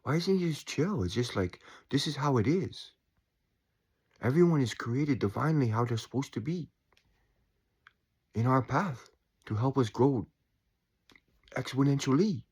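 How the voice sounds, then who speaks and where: A man in his forties talking in a calm, reflective way about staying chill, with sighs and quiet asides. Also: medium pitch, unhurried, long pauses, husky. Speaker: spiritual vlogger. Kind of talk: casual reflective monologue.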